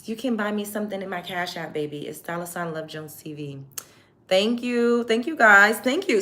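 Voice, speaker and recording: A woman's voice: medium pitch, normal speed, pushed and bright. A young woman hosting a livestream, reading chat comments aloud and answering commenters in a blunt, profane, combative way. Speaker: livestream host.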